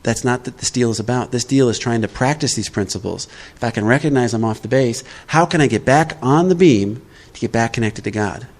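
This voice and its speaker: A man speaking at a live recovery workshop, talking plainly and conversationally. His pitch sits in the middle for a man, and he keeps pausing to check that his listeners follow him. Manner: conversational, checks in with "all right?".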